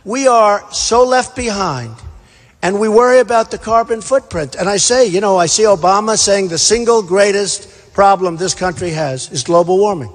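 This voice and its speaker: A man with a high-pitched voice gives a boastful, repetitive campaign rally speech and drives his points home with blunt emphasis. His voice rings through a large hall with a long reverb tail. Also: normal speed. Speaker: political candidate at a rally. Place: large indoor rally venue.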